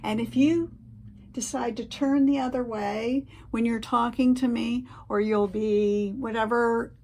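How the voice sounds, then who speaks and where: A woman talking in a casual explanatory vlog, earnest and plain-spoken, often pausing on fillers and restarting her sentences. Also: on the high side, steady tone, a little mellow. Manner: halting, many fillers and restarts. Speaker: vlogger giving advice.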